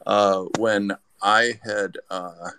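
A man's voice: fairly low pitch, steady tone, drawn-out words, bright, forceful tone, a little hiss or hum. A man telling a rambling anecdote as a podcast guest, with lots of restarts. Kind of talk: casual storytelling.

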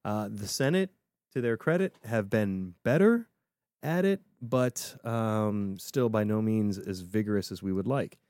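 A man co-hosting a casual political podcast, talking in an animated way and often restarting his sentences. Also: fairly low pitch, unhurried, no echo, clean studio sound. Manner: animated, with frequent restarts and repeated words.

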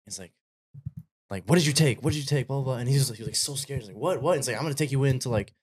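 A young man co-hosting a podcast, telling a story in a relaxed way, with many fillers. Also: medium pitch, racing, slightly rough. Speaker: podcast co-host. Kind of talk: casual chat.

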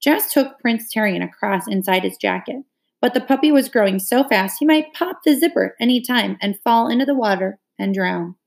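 A woman reading a children's novel aloud, with steady, expressive narration. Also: on the high side, normal speed, creaky. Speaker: reader.

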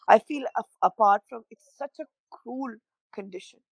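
Earnest woman, halting. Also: a little high, gravelly, no room sound, poor audio. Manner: halting, repeats words, emotional and earnest. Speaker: parent of a child with a rare illness, interview guest. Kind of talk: emotional personal interview.

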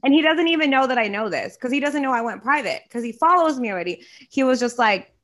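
A young woman in casual chat, telling a story with animated quoting and frequent swearing. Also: high-pitched, fast.

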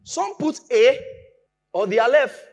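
A man preaching a sermon, explaining with lively emphasis that rises from quiet asides to raised points. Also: very high-pitched, a little slow, dull audio.

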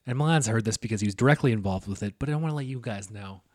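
A young man co-hosting a podcast, telling a story in relaxed casual chat and swearing now and then. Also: on the low side, racing. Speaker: podcast co-host.

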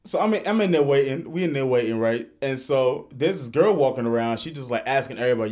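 A man's voice: mid-range voice, fast, hardly any pauses. A man hosting a podcast, telling stories in casual, profane chat and laughing as he goes. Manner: animated, profane, laughs through his stories. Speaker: podcast host.

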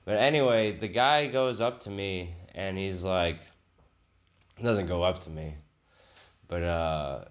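A man's voice: sits low, slow pace, long pauses. A man hosting a podcast, telling a rambling, profane, joking story in a casual way. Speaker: podcast host.

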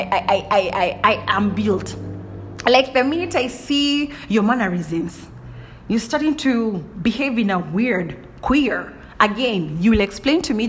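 A woman's voice: mid-range voice, a bit bright, a little hiss or hum. A young woman hosting a casual monologue, talking bluntly and with lots of animation, often restarting her sentences and throwing in playful exclamations. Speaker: podcast host.

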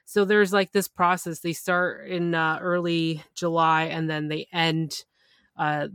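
A woman podcast host telling a personal story in a casual, animated way, full of exclamations. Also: sits low, dry recording, clean studio sound. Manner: animated, excitable retelling.

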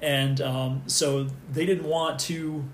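A man's voice: fairly high pitch, little pitch movement, takes it slowly. Rambling middle-aged man in echoey room. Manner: rambling, many restarts and fillers. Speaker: guest. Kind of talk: casual podcast chat about wrestling. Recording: echoey room, faint background noise.

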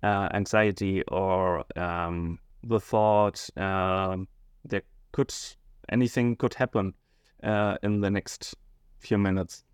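A male schoolteacher answering interview questions hesitantly, often pausing and searching for words. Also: sits low, steady tone, smooth, dry recording, studio quality. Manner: hesitant, many fillers and restarts, searching for words.

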